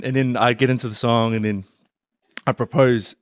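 A man's voice: mid-range voice, fairly quick. Laughing New man telling a story. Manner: animated, laughing storyteller with many fillers. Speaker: professional rugby player. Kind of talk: casual storytelling in an interview.

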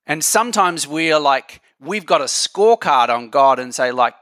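A man's voice: on the high side, lively intonation, normal speed, few pauses, fairly bright tone, dry recording, studio quality. A man preaching a sermon in a conversational, joking way, talking with his audience.

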